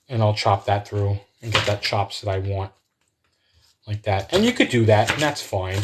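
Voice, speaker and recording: In a fairly low, sing-song voice at a moderate pace, a home cook rambles to his viewers during a casual live cooking stream from his kitchen, chatting along as he cooks. There's slight background noise.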